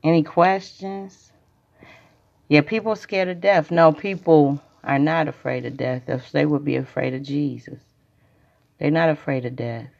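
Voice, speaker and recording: A woman's voice: low voice, fairly even intonation, a little slow, gravelly, darkish tone, muffled recording. A woman hosting a rambling, preachy spiritual livestream monologue that circles back and repeats itself. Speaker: podcast host.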